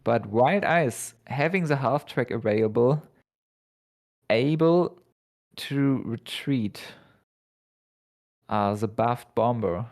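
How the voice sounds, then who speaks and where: Slow-talking male color commentator. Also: mid-range voice, expressive, darkish tone. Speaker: esports co-caster.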